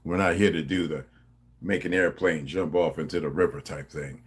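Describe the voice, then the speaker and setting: A man's voice: a bass voice, fairly even intonation, moderate pace, slightly rough. A middle-aged man with a New Jersey accent, talking to his subscribers in a rambling, profane, confrontational monologue. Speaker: vlogger.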